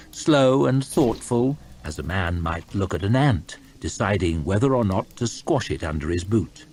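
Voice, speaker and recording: A man reading a novel aloud as storytime narration, expressive with soft low asides. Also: a little hiss or hum. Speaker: audiobook reader. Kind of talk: storytime narration over gameplay.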